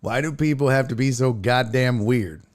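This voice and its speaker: A sports talk show host with a medium-pitched voice runs a casual stream at normal speed. He reads viewer comments aloud and riffs on them in loose, profane banter.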